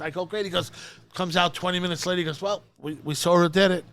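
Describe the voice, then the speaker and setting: A middle-aged man with a New Jersey accent, telling a profane story in animated bursts and acting out every voice in it. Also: sits high, fast, gravelly. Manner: animated, acts out the voices in his stories, frequent swearing. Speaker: podcast guest, storyteller.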